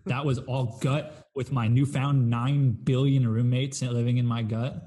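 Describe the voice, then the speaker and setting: Easygoing male co-host with a mellow tone and dry humor. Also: medium pitch, little pitch movement, measured pace. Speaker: podcast co-host. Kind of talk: casual chat.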